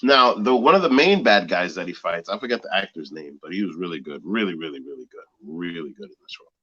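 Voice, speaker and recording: A man with a fairly low voice tells a story with lots of energy, laughing and acting out sounds. He's chatting casually on a podcast. The recording is dull and muffled. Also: quick pace, slightly rough. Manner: animated storyteller, laughs often, mimics sounds. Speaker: podcast co-host. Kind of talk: casual chat. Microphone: phone.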